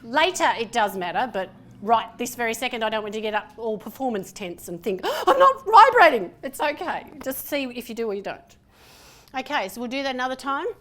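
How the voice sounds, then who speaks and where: A woman leading a group through breathing and humming exercises, a lively, playful instructor who counts slowly and cues each step. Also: fairly high pitch. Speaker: voice workshop presenter. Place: room with a participating group.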